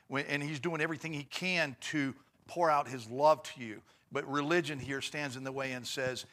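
A man hosting a faith talk show, commenting in an animated, excitable way. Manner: excitable, mimics preachers in high voices.

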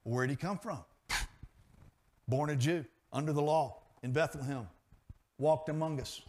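A man preaching a sermon, swinging between loud emphatic peaks and quiet asides. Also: a little high, moderate pace. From grew up in a pastor's family.

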